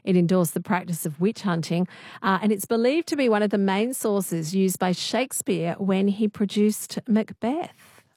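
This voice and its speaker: On a late-night radio quiz, a woman host talks in a friendly, chatty way, explaining the answers at length. Her mid-range voice has a darkish tone and moderate pace, captured cleanly on a studio microphone with no echo.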